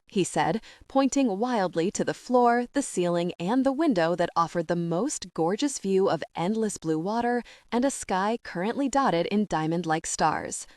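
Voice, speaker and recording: A woman narrating a first-person romance audiobook in an expressive, conversational storytelling manner. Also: lowish voice, measured pace, no echo, clean studio sound.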